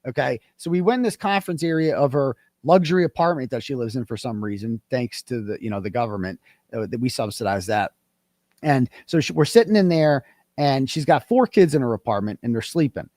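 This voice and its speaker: A man, a guest in an interview, telling a story in a casual, animated way and acting out the quoted dialogue. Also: mid-range voice, fairly quick, no echo, clean studio sound.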